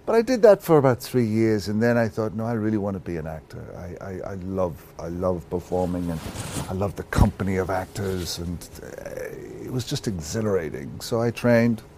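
A man's voice: sits low, animated, normal speed, few pauses, dark tone, a little hiss or hum. A man in his sixties, born in Ireland, telling stories in a candid interview, reflective and self-deprecating, restarting his sentences often. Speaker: actor guest.

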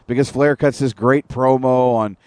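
An internet radio co-host rants in casual, profane wrestling talk, delivering long, detailed recaps. His mid-range voice is a little mellow, with fairly even intonation and a moderate pace, recorded dry at studio quality.

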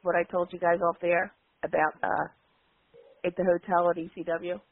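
A woman's voice: lowish voice, flat delivery, normal speed, no echo. A woman casually telling anecdotes and acting out quoted voices. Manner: chatty, acts out quotes with voices. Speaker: guest storyteller. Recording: dry, phone-like line.

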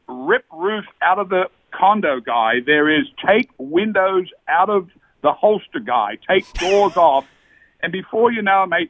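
A man's voice: fairly high pitch, dry recording. A middle-aged man tells his stories with lots of energy and plenty of swearing, throwing in "mate" as he goes. He comes through a narrow, phone-like line with no room sound at all. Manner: animated, profane storyteller who calls people mate. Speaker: podcast guest, former tour golfer. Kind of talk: casual storytelling chat.

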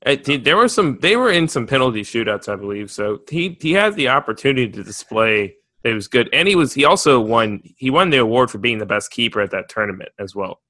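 A man's voice: medium pitch, expressive, quick pace, hardly any pauses, pushed and bright, no room sound. A man co-hosting a casual sports podcast, talking in a hesitant way with frequent restarts. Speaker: podcast co-host.

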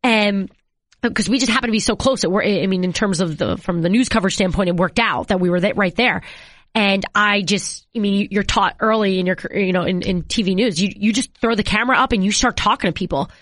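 A woman in her thirties, a TV sports anchor, telling stories in a casual interview and acting out quotes with jumps in pitch. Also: fairly quick, a bit bright, dry recording, studio quality. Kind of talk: conversational storytelling.

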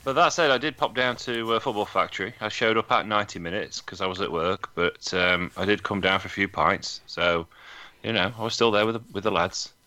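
A man with a low, bright, forceful voice chats on a football podcast. He jokes and apologizes with a hesitant manner, and the sound is dry and close. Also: a little fast, no echo. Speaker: podcast panelist. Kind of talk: casual football podcast chat.

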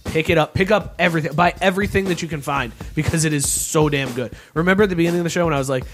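A man's voice: a little high, rapid-fire, fairly bright tone, faint music behind. A man co-hosting a casual podcast, who laughs a lot and fumbles the ad reads. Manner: laughs often, stumbles over read-out codes. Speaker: podcast co-host reading ads. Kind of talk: casual chat.

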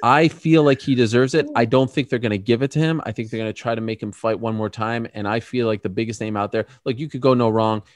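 A man co-hosting a casual sports chat show, talking fast and getting insistent and excitable as he argues his picks. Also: medium pitch, no room sound, clean studio sound. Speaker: co-host.

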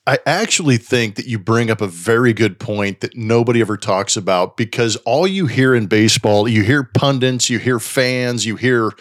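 A man co-hosting a casual sports talk show, arguing his views with rhetorical questions. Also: mid-range voice. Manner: animated, opinionated, speaks in rhetorical questions.

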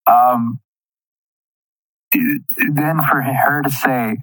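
A man's voice: medium pitch, drawn-out words, no echo, poor audio. A young man co-hosting a casual podcast chat, ranting with lots of swearing. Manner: profane, ranting, animated. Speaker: podcast co-host.

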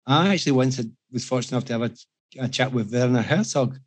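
A Scottish man chatting with friends, spinning lively, self-mocking stories with a husky, breathy voice. His pitch sits in the middle range for a man. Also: fast. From Scotland. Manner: animated anecdotes, self-mocking. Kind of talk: casual chat.

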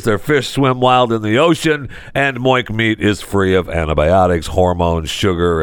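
A low-pitched man hosting a talk podcast, his voice swinging widely up and down as he jokes and rambles through his own reads. The sound is close and dry, with no room around it. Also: fairly bright tone, clean tone, no echo. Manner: jokey, rambling, mock-corrects himself. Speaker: podcast host. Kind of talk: casual podcast talk with a host-read ad.

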